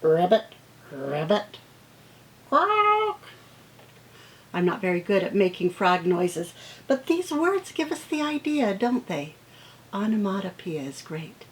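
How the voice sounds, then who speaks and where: A middle-aged woman teacher reading picture books aloud to children, acting out the sound words with animated expression. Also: medium pitch, rough recording. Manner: slow, gentle pace.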